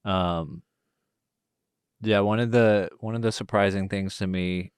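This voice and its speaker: A man co-hosting a podcast who talks about a film in a slow, measured way, with many pauses. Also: on the low side, fairly even intonation, clear, resonant tone, dry recording, studio quality. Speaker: podcast co-host. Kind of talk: casual film discussion.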